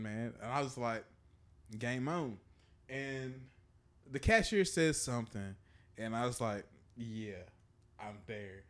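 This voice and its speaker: A man co-hosting a podcast, telling stories in a casual, profane way and laughing through them. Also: medium pitch. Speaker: podcast co-host. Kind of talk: casual storytelling chat.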